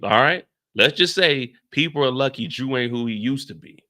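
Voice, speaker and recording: A medium-pitched male voice at normal speed belongs to a man hosting a live reaction stream. He chats casually and animatedly, repeating lines and acting out quotes.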